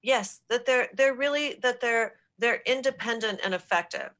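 Bright-voiced woman consultant explaining. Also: fairly high pitch. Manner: affirming, explanatory, quick repeated yeses. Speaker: executive consultant guest. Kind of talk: business podcast interview.

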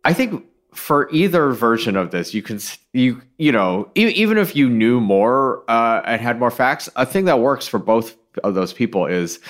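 A man's voice: mid-range voice, sing-song, moderate pace. A man co-hosting a casual podcast, talking things through in a thoughtful, hedging, digressive way on a studio mic. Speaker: podcast co-host.

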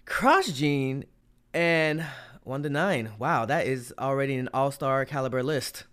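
An American man co-hosting a casual interview, relaxed and playful in manner. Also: mid-range voice, measured pace, smooth. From United States. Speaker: co-host.

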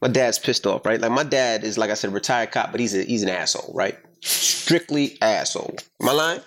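A middle-aged man hosting a casual podcast chat, telling a story in an emphatic, profane, animated way. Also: on the low side, brisk. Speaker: podcast host.

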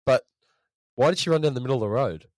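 A man's voice: mid-range voice, lively intonation, quick pace, darkish tone, dry recording, clean studio sound. A man co-hosting a casual film review chat, rambling and repeating his words. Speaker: podcast co-host.

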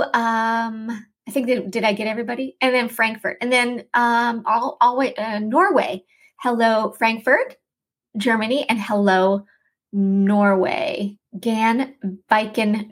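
A woman's voice: a little high, a little slow. A middle-aged woman hosting a podcast, chatting casually and upbeat with fillers. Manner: warm shout-outs, upbeat and chatty with fillers. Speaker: podcast host.

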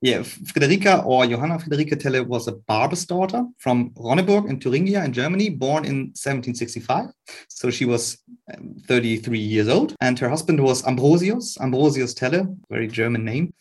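A man's voice: mid-range voice, expressive, a little fast, breathy edge. A man, a guest researcher, explaining a historical letter in an earnest, careful way, with frequent restarts.

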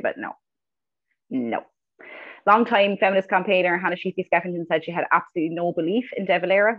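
A woman's voice: on the low side, dull audio. An Irish woman co-hosting a history podcast, talking earnestly and repeating words as she starts a thought. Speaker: podcast co-host. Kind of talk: casual history podcast chat.

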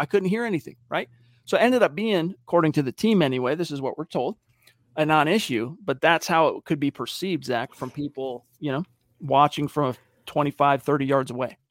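A man's voice: fairly high pitch, no echo, clean studio sound. A man co-hosting a casual sports podcast, reading out viewer comments and telling stories with acted-out quotes. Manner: animated storyteller, acts out quotes. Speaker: podcast co-host reading live chat.

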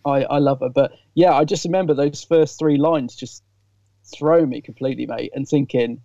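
A man's voice: a little high, fairly even intonation, moderate pace, vocal fry, dark tone, no echo, highs cut off. A man co-hosting a casual podcast chat, sharing candid, enthusiastic fan opinions. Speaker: podcast co-host.

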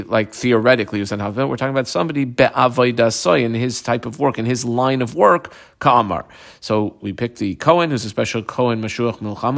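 A man teaching a Talmud class, translating terms one by one and telling students what to underline, with frequent pauses and fillers. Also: medium pitch, a bit bright. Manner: translates terms one by one, marks the text aloud. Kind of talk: line-by-line text study class.

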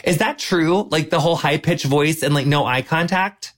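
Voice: medium pitch, moderate pace. A host asking questions in a casual, chatty way, swearing now and then. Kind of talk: casual interview chat.

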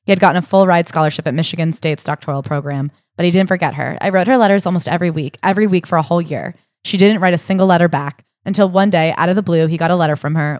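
A woman co-hosting a podcast, retelling a book's story in a casual, animated way and acting out the quotes. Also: lowish voice, fast talker, few pauses, no room sound, clean studio sound. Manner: animated storytelling, acts out quotes with rising indignation. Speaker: podcast co-host. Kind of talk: casual book discussion.

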